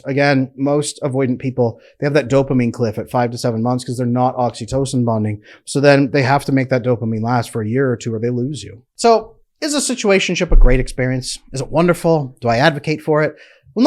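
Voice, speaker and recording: A man, a relationship coach, giving an emphatic, conversational educational talk to camera. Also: medium pitch. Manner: emphatic, conversational, acts out quotes.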